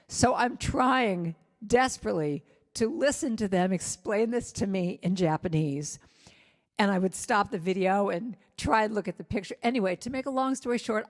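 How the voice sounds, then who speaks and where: A middle-aged woman speaker tells a personal story with candid, self-mocking humor. Her voice sits at an ordinary pitch and drops soft and quiet for gentle words. A long reverb trails her in a large hall. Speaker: reverend and singer-songwriter.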